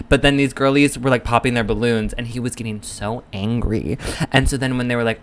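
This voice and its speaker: Male podcast co-host, clear smooth voice, mid pitch, rambling storyteller who voices the quotes. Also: fairly even intonation, fairly quick, poor audio. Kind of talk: casual chat.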